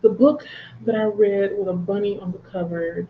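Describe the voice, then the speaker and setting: A woman's voice: mid-range voice, steady tone, normal speed, phone-quality sound, a little hiss or hum. A woman hosting a book channel livestream, chatting casually, reading viewer comments aloud and laughing often.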